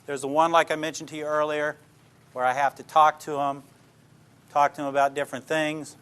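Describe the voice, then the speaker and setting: A man's voice: a little high, little pitch movement, brisk, fairly bright tone, clean tone. Plainspoken older man telling police stories. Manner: plainspoken, tells stories, checks in with the listeners. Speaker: police detective speaking to a class. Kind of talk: informal lecture with anecdotes.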